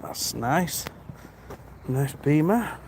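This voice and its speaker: A British livestreamer talks very slowly in a fairly high, slightly mellow voice with lively intonation. Filming on a handheld phone while walking outdoors in the countryside, he chats casually and greets viewers by name. A little hiss or hum is audible.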